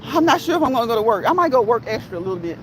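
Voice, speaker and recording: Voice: medium pitch, sing-song, rapid-fire. A live-stream host chatting casually while walking outdoors, slangy and laughing often. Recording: outdoor traffic noise.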